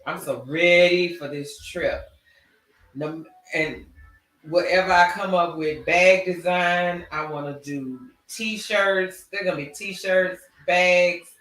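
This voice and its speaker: A man's voice: sits high, slow pace, pushed and bright, recorded from a distance. A man hosting a casual chat, telling stories animatedly with a drawling, slangy delivery. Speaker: podcast host. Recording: echoey room.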